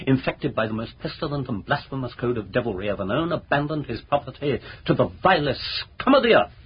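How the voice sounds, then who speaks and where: An actor playing a pompous, blustering lawyer in a radio drama, scornful and overbearing. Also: male voice, medium pitch, lively intonation, a little fast, husky. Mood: indignant. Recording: muffled old radio broadcast with faint noise.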